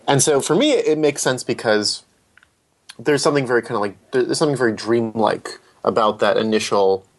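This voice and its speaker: A man's voice: medium pitch, fairly quick. Thoughtful man talking through a film. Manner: thoughtful, many restarts and hedges. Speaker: film critic. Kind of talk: casual film discussion.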